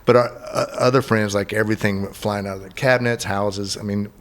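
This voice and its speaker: Middle-aged male host, low voice, easygoing, rambling chat. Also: brisk. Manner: rambling, relaxed, many restarts. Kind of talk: casual interview chat.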